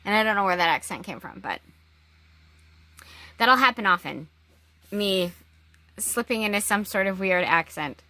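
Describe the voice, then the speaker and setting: A woman talking in a casual personal vlog, halting, with long pauses and restarts. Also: medium pitch, animated, pushed and bright, no echo. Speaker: vlogger.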